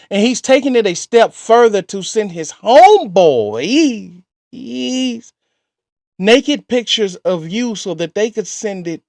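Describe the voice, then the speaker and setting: A man's voice: high-pitched, a little mellow, dry recording. A man hosting a reaction channel, exclaiming and joking as he talks back to the story he hears. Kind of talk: animated reaction commentary.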